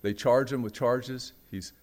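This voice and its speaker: A male pastor delivering a sermon as a vivid story. He climbs to loud, raised peaks, then drops to quiet, near-hushed passages, and he acts out the quoted voices along the way. His voice sits at a middle pitch. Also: steady tone, a little slow. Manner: dramatic storytelling, swinging from loud and high to hushed.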